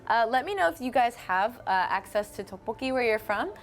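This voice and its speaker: With a slightly high, expressive voice and a brisk delivery, a young North Carolina woman hosts a laid-back live-stream chat over soft background music. She sounds sociable and warm as she reads viewer comments aloud.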